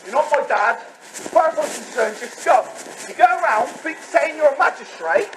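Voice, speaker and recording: A man's voice: extremely high pitch, lively intonation, moderate pace. A man, talking bluntly and swearing heavily in a confrontational way. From England. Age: 30s. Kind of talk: secretly recorded argument and chat. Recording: noisy hidden recording.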